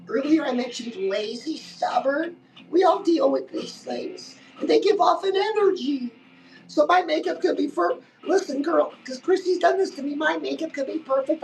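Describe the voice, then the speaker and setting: A woman's voice: high-pitched, creaky, darkish tone, far from the mic, poor audio. A woman giving a chatty live-stream pep talk as a life coach, keeps calling the listener "girl" and saying "listen".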